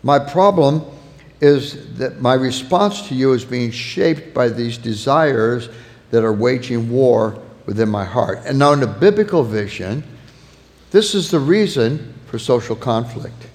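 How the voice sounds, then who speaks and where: A man's voice: mid-range voice, expressive, measured pace, a little mellow. Man preaching in a reverberant hall. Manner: earnest, illustrating with acted-out anecdotes. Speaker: pastor. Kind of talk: sermon.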